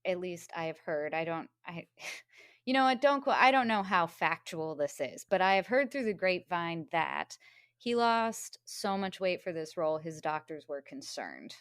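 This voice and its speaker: Low-voiced woman co-hosting a podcast. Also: expressive, moderate pace, a bit bright, clean tone, no room sound, studio quality. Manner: conversational, hedging asides. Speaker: podcast co-host. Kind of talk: casual film review chat.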